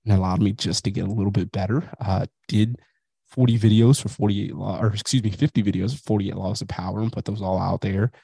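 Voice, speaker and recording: A man's voice: fairly low pitch, fairly even intonation, fairly quick, vocal fry, mellow, breathy edge, no room sound. A man in his thirties hosting a podcast, talking bluntly and profanely in a casual motivational monologue, while dealing with a migraine. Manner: blunt, profane, self-reflective. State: has a migraine. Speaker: podcast host.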